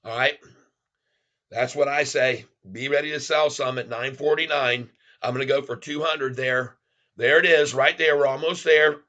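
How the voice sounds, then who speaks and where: A man hosting a live day-trading stream, excitedly calling out prices, placing orders and greeting viewers as "folks.". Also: medium pitch, normal speed, highs cut off. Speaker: stock trading livestream host.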